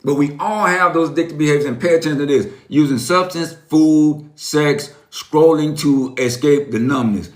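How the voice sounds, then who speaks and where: A man's voice: a little high, moderate pace, hardly any pauses, reverberant. A man in his fifties giving a motivational live-stream talk, preachy and emphatic, repeating lines and calling his viewers folks. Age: 50s.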